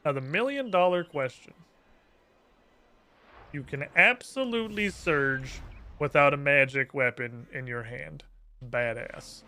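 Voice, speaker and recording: A man's voice: medium pitch, a little slow, pauses often, sharp tone. A man streaming a game live, thinking aloud in a brash, profane way. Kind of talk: live gameplay commentary.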